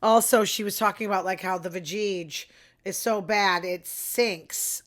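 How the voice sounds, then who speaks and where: A woman's voice: mid-range voice, unhurried, fairly bright tone. A woman hosting her own podcast, talking alone in a chatty, opinionated way and dropping into murmured asides. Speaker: podcast host. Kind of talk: casual solo podcast chat.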